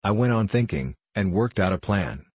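A man's voice: fairly low pitch, lively intonation, normal speed, darkish tone, breathy edge, no echo. A man narrating an audiobook in the first person, with a wry storytelling manner.

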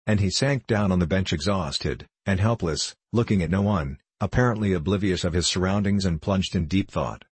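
A man narrating a classic novel as an audiobook in a measured storytelling manner. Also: low-pitched, breathy edge, no room sound. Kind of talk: scripted narration.

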